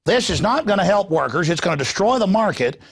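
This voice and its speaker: A man's voice: sits high, very animated, fast, husky, heavily acted. A man putting on the voice of a blunt older businessman, lecturing with figures and exasperated. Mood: insistent. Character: older male businessman debater, blunt and insistent.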